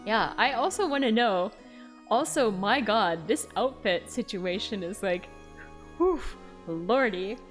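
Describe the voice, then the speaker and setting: A woman's voice: medium pitch, expressive, slow pace, faint music behind. A young woman streamer giving giggly, playful commentary during a live game stream.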